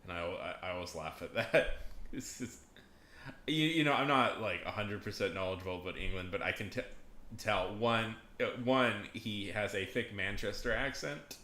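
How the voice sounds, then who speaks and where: A man's voice: fairly low pitch, normal speed, sharp tone. Joking, rambling male streamer. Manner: rambling, joking, laughing, trailing off. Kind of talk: casual live-stream chat. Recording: echoey room with faint ambience.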